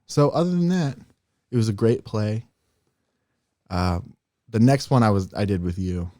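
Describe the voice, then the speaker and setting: A young man co-hosting a podcast, telling stories in a casual, animated way and acting out quoted voices. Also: on the low side, measured pace, no room sound, clean studio sound. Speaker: podcast co-host. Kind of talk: casual chat.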